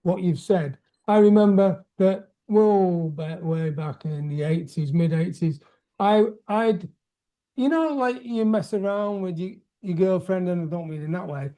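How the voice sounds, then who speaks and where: A man hosts a casual chat and tells stories in a halting way, full of restarts. His voice is dark and mellow. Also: high-pitched. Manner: hesitant, with many restarts. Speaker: host.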